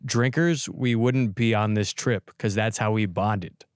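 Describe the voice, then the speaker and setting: A young man with a smooth, resonant, slightly low voice, recorded close and dry in a podcast studio. He tells stories animatedly, jumping into quoted voices, in relaxed casual chat. The sound is direct with no room echo. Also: unhurried. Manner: animated storyteller, acts out quotes. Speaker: podcast host.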